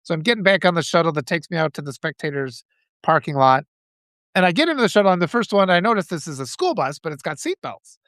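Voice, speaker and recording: Lively storytelling man on a live stream. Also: on the high side, fast talker, no echo, clean studio sound. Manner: rambling, animated anecdotes with many restarts. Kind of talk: casual storytelling on a live video.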